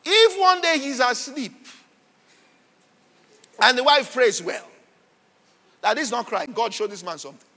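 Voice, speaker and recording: A man, a pastor preaching a sermon in an animated way and checking often that listeners follow him, heard with a long hall reverb. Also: extremely high pitch, measured pace, pauses often. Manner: animated, repeats "all right" and "are you following".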